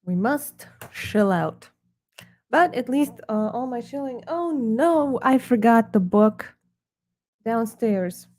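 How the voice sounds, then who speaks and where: Slow, jokey American woman streaming. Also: fairly high pitch, animated, a little mellow. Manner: joking and self-mocking. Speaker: artist hosting a livestream. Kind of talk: casual livestream chat.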